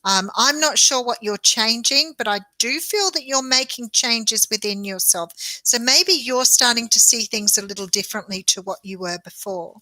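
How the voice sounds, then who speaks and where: An Australian woman with a bright, slightly high voice gives live tarot readings in a chatty and reassuring way, laughing often. She is recorded on a close mic with a dry sound and no room echo. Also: normal speed, few pauses. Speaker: tarot reader.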